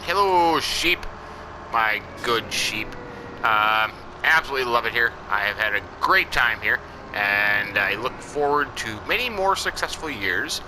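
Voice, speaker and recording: A man's voice: mid-range voice, background noise. A man playing a farming game in character as a farmer, commenting in a folksy, rambling way. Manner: folksy and rambling, with lots of "I tell ya" and "you know". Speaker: farming game let's-player. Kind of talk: in-character role-play commentary over gameplay.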